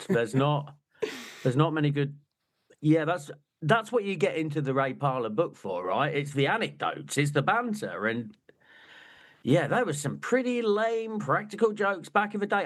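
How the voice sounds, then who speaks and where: Wry, joking man chatting on a podcast. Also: on the high side. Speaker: podcast co-host. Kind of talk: casual chat.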